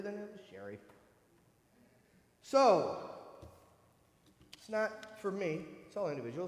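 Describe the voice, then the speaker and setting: Fifties man from northern Michigan, lively storyteller who acts out others' voices; fairly high voice, long church reverb. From northern Michigan, USA. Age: 50s. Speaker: guest speaker at a church service. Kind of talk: personal testimony. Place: church sanctuary. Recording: echoey hall with long reverb.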